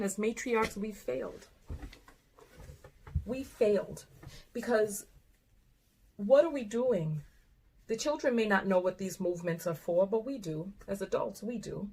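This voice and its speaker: A middle-aged woman, a life coach, reacting to a video, animated and exclamatory at times, then soft and earnest. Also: medium pitch. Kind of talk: reaction commentary.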